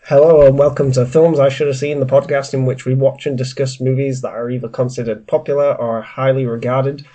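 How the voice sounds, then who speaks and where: A man with a blocked, congested voice hosts a casual film-review podcast. His tone is dark and mellow, and he talks hesitantly, restarting his sentences with plenty of fillers. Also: medium pitch, little pitch movement, fairly quick, poor audio. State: stuffy and congested from a cold. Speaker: podcast host.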